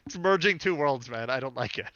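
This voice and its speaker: A man's voice: mid-range voice, expressive, sharp tone, muffled recording, slight background noise. A man co-hosting a podcast in casual chat, talking loosely with lots of fillers and jokes. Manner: chatty, filler-heavy, quick to joke. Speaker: podcast co-host.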